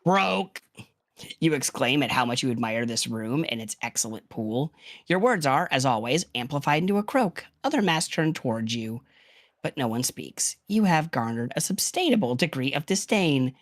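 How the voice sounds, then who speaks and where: A man reading game narration aloud with a tiring, slightly hoarse throat, in a steady, measured way. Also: medium pitch. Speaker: streamer reading game text.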